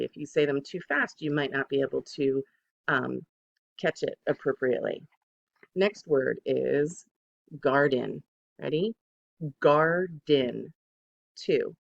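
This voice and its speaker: Slow, gravelly-voiced second grade teacher. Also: mid-range voice. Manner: slow, patient, says each word twice to model it. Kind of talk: recorded remote phonics lesson for children. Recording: dull lo-fi lesson recording.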